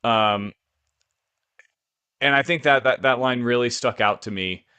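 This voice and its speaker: A man's voice: mid-range voice, unhurried, bright, forceful tone, clean tone. A man co-hosting a podcast in easygoing, jokey casual chat, with plenty of ums. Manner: easygoing, jokey, filler-heavy. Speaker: podcast co-host.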